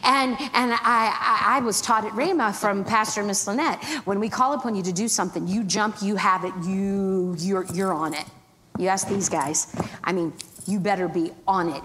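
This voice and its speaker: A middle-aged woman preaching as a guest minister, telling stories lively and acting out her own thoughts. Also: mid-range voice, normal speed. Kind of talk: storytelling sermon. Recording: long hall reverb, faint background noise.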